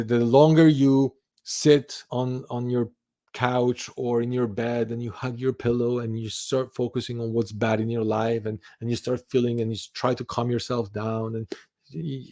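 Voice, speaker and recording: A man talking to camera as the host of an advice channel, insisting on his points and repeating key phrases. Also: lowish voice. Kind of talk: motivational talk to camera.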